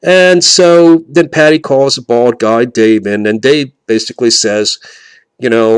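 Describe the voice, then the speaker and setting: Male vlogger, mid-pitched, rambling with lots of fillers, builds to indignant outbursts, dry close sound. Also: moderate pace, clear, resonant tone, no room sound. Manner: rambling, full of fillers and restarts, grows heated and indignant. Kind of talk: casual rambling rant.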